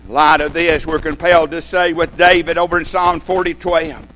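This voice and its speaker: A male preacher delivering a sermon with a fairly high-pitched voice. He talks emphatically, rising to loud declarations and dropping to hushed tones, and he often repeats words as he restarts a phrase. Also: flat delivery, moderate pace, few pauses, a little hiss or hum, rough recording.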